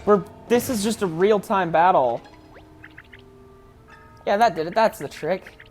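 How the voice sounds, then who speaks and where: A woman's voice: mid-range voice, unhurried, darkish tone, faint music behind. A woman giving casual, rambling let's play commentary, frank and often correcting herself.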